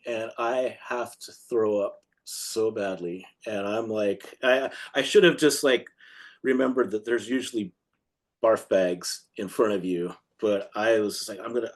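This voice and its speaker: Male punk musician guest, loose rambling storyteller who acts out quotes. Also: mid-range voice. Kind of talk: casual storytelling interview.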